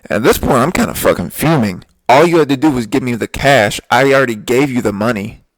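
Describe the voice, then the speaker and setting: A man's voice: medium pitch, expressive, a little fast, no room sound. A young man hosting a podcast, telling stories in a laid-back, profane, ranting way. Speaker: podcast host. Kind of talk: casual storytelling monologue.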